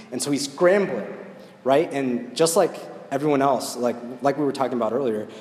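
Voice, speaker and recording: A man's voice: mid-range voice, darkish tone. A man giving a storytelling sermon and then a prayer, talking conversationally and often checking in with "right?". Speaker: preacher. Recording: echoey hall with long reverb.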